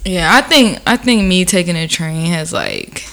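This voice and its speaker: Young woman, casual chat, animated, laughs a lot, bright voice, swooping pitch. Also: unhurried. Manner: animated, laughs often, swears freely.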